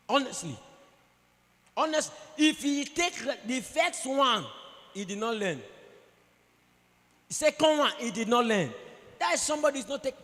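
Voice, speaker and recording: A man with a Nigerian accent delivers a preachy motivational talk, acting out quoted voices as he goes. His voice sits high and he talks with lots of energy. The sound rings with the long reverb of a large hall. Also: animated, unhurried, long pauses, a bit bright. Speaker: conference speaker. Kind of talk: motivational speech. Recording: echoey hall.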